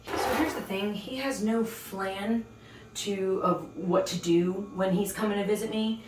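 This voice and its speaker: A woman's voice: medium pitch, fairly even intonation, measured pace, background noise. Chatty woman telling dating stories, roomy. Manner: chatty, sassy, punning asides. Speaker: host of a baking and dating-story show. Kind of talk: casual storytelling while baking. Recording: roomy, distant mic with faint ambience.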